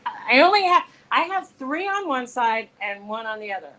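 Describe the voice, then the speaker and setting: A woman's voice: high-pitched, big pitch swings, unhurried, sharp tone, low-quality recording. A woman co-hosting a live show, chatting casually with a friend, laughing easily and playing with how words are said. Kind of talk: casual chat between friends.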